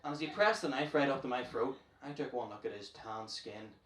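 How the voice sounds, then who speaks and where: A man's voice: mid-range voice, a crowd in the background. A young man with a Northern Irish accent doing a brash, profane stand-up set in a comedy club. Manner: brash, profane, rapid storytelling. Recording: roomy club, distant mic, noisy.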